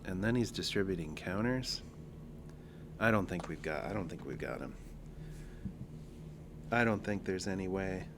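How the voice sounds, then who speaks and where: Low-voiced man joking through a game stream. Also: animated, normal speed, long pauses, background noise. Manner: joking, thinking aloud. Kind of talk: casual card-game livestream commentary.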